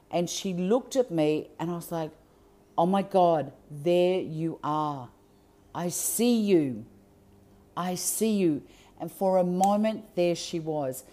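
A woman telling a personal story out loud in an earnest, emphatic and heartfelt way. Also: sits low.

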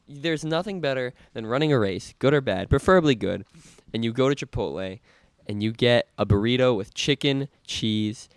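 A man's voice: medium pitch, smooth, no echo, studio quality. A young man co-hosting a running podcast, telling stories in a laid-back, rambling way. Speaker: podcast co-host. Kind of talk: casual chat.

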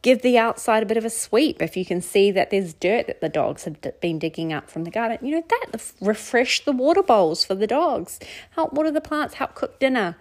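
A woman's voice: fairly high pitch, animated, fairly quick. A middle-aged woman from New Zealand hosting a casual solo podcast, talking candidly and conversationally with repeated phrases and self-mocking laughs. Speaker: podcast host.

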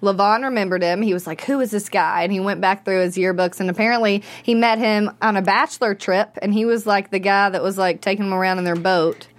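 A woman's voice: mid-range voice, fairly even intonation, fast talker, hardly any pauses. Female host, bubbly casual panel chatter, easy laugh. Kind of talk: casual panel chat about a TV episode.

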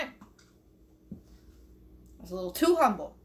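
A woman's voice: a little high, unhurried. A young woman doing a profane, rambling comedy rant alone in her bedroom, recorded on her phone, laughing at her own jokes. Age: young adult. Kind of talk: solo stand-up style rant.

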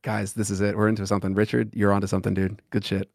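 Man cohosting a podcast, talks quick and a bit exasperated, dry sound. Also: lowish voice, level tone, gravelly, a little mellow, dry recording. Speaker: podcast co-host. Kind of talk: casual podcast banter.

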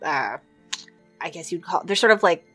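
A woman's voice: lowish voice, animated, normal speed, pushed and bright, soft background music. A woman narrating as game master of a tabletop role-playing game, describing scenes with frequent hesitations and fillers.

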